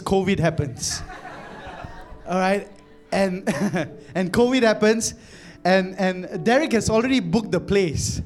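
A man from Malaysia preaching a sermon, telling an animated story with many repeated phrases that builds to fervent exclamations. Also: sits high. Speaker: pastor.

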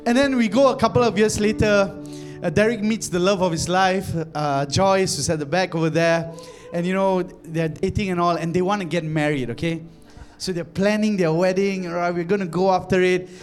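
A man from Malaysia preaching a sermon, telling an animated story with many repeated phrases that builds to fervent exclamations. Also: high-pitched, normal speed, faint music behind. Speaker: pastor.

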